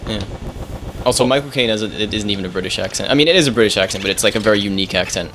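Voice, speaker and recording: A man's voice: fairly low pitch, noisy background. A young man co-hosting a let's play, chatting casually, rambling and restarting his sentences. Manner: fast, rambling, stumbles and restarts often. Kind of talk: casual gaming chat.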